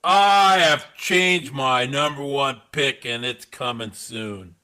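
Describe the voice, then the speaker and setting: Male co-host, unhurried, bright tense voice, crude mocking humor. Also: medium pitch, clean tone, rough recording. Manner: profane, mocking, sing-song teasing. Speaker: podcast co-host. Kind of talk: casual sports betting podcast rant.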